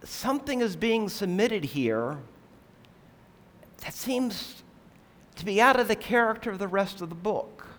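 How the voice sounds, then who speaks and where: A man preaching a sermon, explaining scripture in a measured, earnest way and asking rhetorical questions. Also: high voice, expressive, a bit bright.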